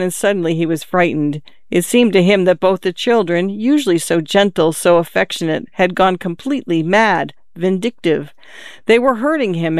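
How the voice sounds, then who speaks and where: An audiobook narrator reading a literary novel in a measured, even storytelling manner. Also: mid-range voice, smooth, no echo, clean studio sound.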